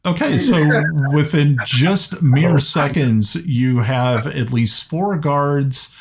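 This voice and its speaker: A man narrating a tabletop game as game master, halting with many fillers. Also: a little high, background noise. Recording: dull lo-fi audio.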